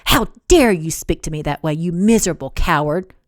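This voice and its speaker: This is a hot-tempered young woman from a romance storybook, put on by a woman reading aloud. She pitches her voice high and shrill and argues with tearful indignation. The sound is dry and close, with no room around it. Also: lively intonation, normal speed, no room sound. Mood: indignant.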